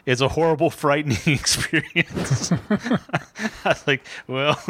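A man's voice: on the high side, measured pace, fairly bright tone, a little hiss or hum. A male podcast co-host in casual chat, summarizing a news story and chuckling partway through his sentences.

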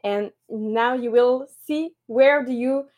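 A woman in her thirties with French as her first language, co-hosting a motivational podcast and explaining things at a steady pace. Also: fairly high pitch, takes it slowly. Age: 30s. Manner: steady, explaining, some fillers. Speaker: podcast co-host.

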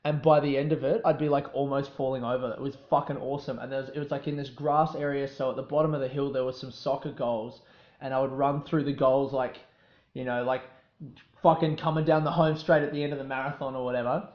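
A man's voice: mid-range voice, flat delivery, fast talker, reverberant, muffled recording. A young Australian man hosting a podcast, chatting casually in a rambling, swearing, self-mocking way that keeps getting sidetracked. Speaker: podcast host. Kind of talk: casual solo podcast chat.

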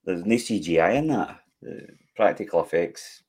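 A man's voice: sits low, lively intonation, moderate pace, darkish tone, husky. A Scottish man chatting casually on a podcast, rambling and restarting his sentences. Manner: rambling, restarts a lot with "kinda" and "aye". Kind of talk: casual chat.

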